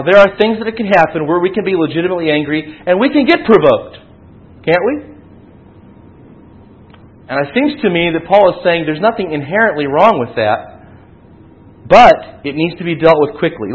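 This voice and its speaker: A man's voice: fairly high pitch, narrow, tinny audio. A man preaching a sermon, teaching earnestly and rising to emphatic peaks. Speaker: pastor.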